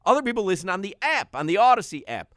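A man's voice: sits high, sing-song, fast talker, fairly bright tone, no echo. A male sports radio co-host in casual studio banter, chatty and laughing often as he plugs the show. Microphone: studio microphone.

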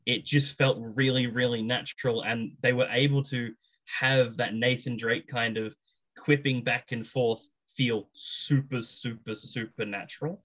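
Man, gaming show co-host, relaxed rambling review talk, mid pitch. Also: a little slow, low-quality recording. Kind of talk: casual review chat.

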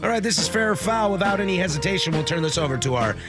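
A man's voice: sits high, lively intonation, rapid-fire, over music. A man co-hosting sports radio, upbeat and playful in casual banter.

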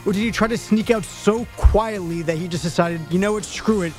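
Radio sidekick man, teasing wry tone, high voice, soft music behind. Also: a little fast. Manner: wry, teasing, sets up topics. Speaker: radio co-host and producer. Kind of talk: casual sports talk.

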